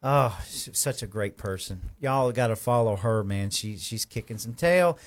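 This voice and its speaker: A man hosting a live stream, giving folksy, rambling shout-outs to viewers. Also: lowish voice, expressive, moderate pace. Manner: effusive, folksy, rambling with restarts.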